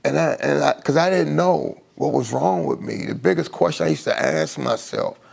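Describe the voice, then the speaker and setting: A middle-aged man sharing his recovery story in an emotional personal testimony on a live stream, halting often and restarting his sentences. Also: a little high, vocal fry. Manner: halting, with many restarts and fillers.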